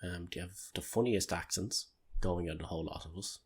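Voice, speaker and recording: A man's voice: low-pitched, brisk, darkish tone, slightly rough. An Irish man co-hosting a podcast in casual chat, rambling and joking with loose swearing. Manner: rambling, swears freely, jokey. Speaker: podcast co-host.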